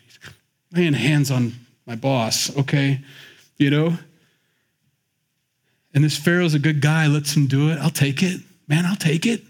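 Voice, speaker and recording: A man's voice: on the high side, measured pace, long pauses. A man teaching the Bible in a conversational, joking way, acting out the scenes as he goes. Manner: animated, joking storyteller who acts out the scenes.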